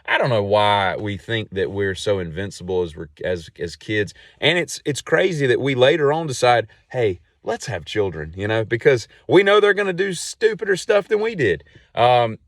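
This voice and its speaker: A man hosting a podcast and telling a long casual story in a rambling, animated way with many asides. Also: medium pitch, normal speed, hardly any pauses, dry recording, clean studio sound. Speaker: podcast host.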